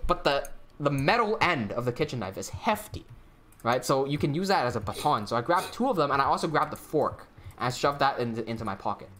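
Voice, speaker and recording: Animated young man telling a story. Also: a little fast. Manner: swears often, acts out quotes in a lower voice. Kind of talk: casual storytelling during a game stream.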